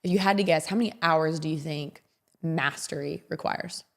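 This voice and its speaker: A low-voiced woman hosts a podcast at a moderate pace, delivering a casual, rambling monologue. She's openly emotional and often repeats herself.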